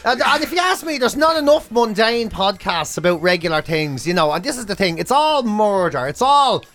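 A man's voice: high-pitched, sing-song, normal speed, fairly bright tone, faint music behind. A man co-hosting a comedy podcast, rambling in a sardonic, sweary, casual way. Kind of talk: casual comic chat.

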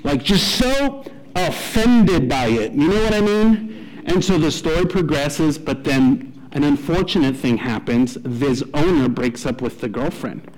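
A man in his thirties, a pastor, opening with prayer and then animatedly telling a story in a sermon, with poor audio quality. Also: a little slow. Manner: animated, acts out a dog's delight. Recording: low-quality radio-like audio.

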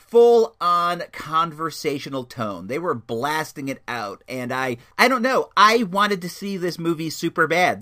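A young man giving a casual, chatty movie review, telling stories in an animated way. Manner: animated, chatty storytelling with lively swings in pitch.

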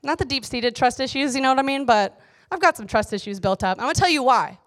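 Chatty high-voiced young woman. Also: fast talker. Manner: chatty and animated, storytelling with playful asides. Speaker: youth speaker. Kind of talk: casual devotional talk.

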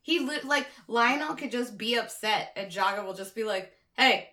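A woman chatting casually and animatedly, swearing a lot and mocking characters with quick impressions. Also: fairly high pitch, sharp tone, roomy sound. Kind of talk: casual chat.

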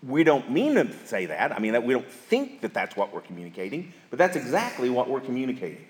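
A man's voice: medium pitch, huge pitch swings, fast talker. A man, speaking at a church marriage seminar in a folksy, storytelling manner with emphatic repetition, recorded in an echoey hall. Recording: echoey hall with live audience.

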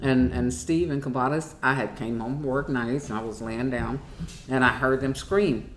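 A woman's voice: a bass voice, moderate pace, slight background noise. A middle-aged woman from Chicago, a mother hosting a podcast, telling casual family stories and acting out the voices she quotes. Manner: animated, acts out quoted voices. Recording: echoey room.

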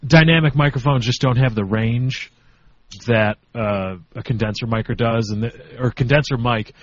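A man's voice: medium pitch, normal speed, muffled recording. A man in his twenties co-hosting a podcast, chatting casually, hesitant and self-deprecating. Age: 20s. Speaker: podcast co-host. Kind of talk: casual chat.

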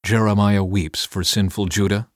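A man reading scripture aloud in a measured, solemn and dramatic narration. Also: on the low side, little pitch movement, no room sound, clean studio sound. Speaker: scripture reader.

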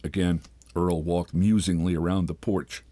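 An older man, reading a short story aloud in a measured, unhurried way. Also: sits low, little pitch movement, dark tone, no room sound. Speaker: host and reader. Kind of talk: literary reading.

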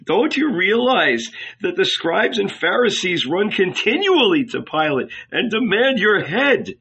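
Audiobook: male reader doing an aged, fearful rabbi, higher and strained, husky, slow, dull lo-fi sound. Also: very animated, full character voice. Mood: alarmed pleading. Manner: higher, louder, strained pleading.

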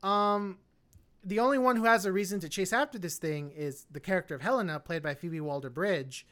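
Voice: medium pitch, brisk, fairly bright tone. A co-host talks through a film review in loose, casual chat. The speech is full of fillers and restarts. The opinions come out blunt and unhedged. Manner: rambling, many fillers and restarts. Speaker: podcast co-host.

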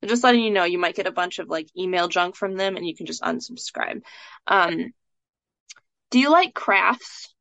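A woman's voice: fairly low pitch, animated, moderate pace, fairly bright tone, no room sound. A woman coaching a student through a live session, chatty and casual, with plenty of "like" and "um". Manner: chatty, fills speech with "like" and "um". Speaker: scholarship coach. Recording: dull lo-fi sound.

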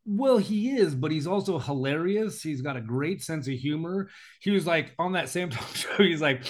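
A man's voice: on the high side, lively intonation, moderate pace. A man co-hosting a podcast, talking in a heated, emotional rant full of fillers. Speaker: podcast co-host. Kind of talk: casual chat.

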